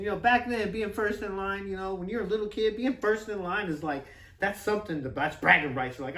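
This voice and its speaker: A man with a bright, forceful tone tells stories to his son in a loose, rambling way, often laughing and drifting off track. The room is echoey and the mic sits some distance away. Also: sits high. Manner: rambling, animated, quick to laugh, with many restarts and fillers. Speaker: podcast host and father. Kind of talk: casual storytelling chat.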